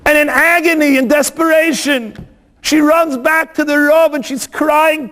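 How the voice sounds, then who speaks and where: A man's voice: very high-pitched, fairly even intonation, measured pace, fairly bright tone. A male rabbi telling a story in a sermon, dramatic and full of rhetorical questions. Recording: long hall reverb.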